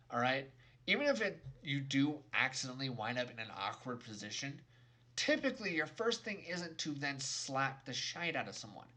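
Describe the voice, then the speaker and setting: A man's voice: medium pitch, pushed and bright. A young adult man giving an exasperated, sarcastic, emphatic rant in a video game review.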